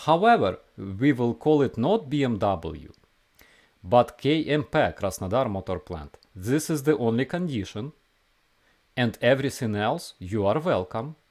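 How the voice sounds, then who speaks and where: A man voicing earnest elderly Russian village grandmothers in a put-on Russian accent, raising his voice high into a pleading sales pitch. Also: sing-song, a little slow, a little mellow.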